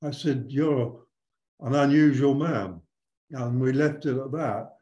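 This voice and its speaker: An older man talks in a thoughtful, storytelling way, often restarting his sentences. His voice sits at an ordinary pitch for a man. The room around him is roomy and echoey. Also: slow pace, dark tone, muffled recording. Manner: reflective, anecdotal, frequent restarts. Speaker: spiritual teacher guest. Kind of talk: conversational interview storytelling.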